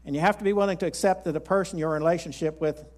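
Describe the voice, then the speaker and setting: A man's voice: a little high, steady tone, very fast. A man pastor, preaching a sermon in a folksy, rambling storytelling way with frequent restarts.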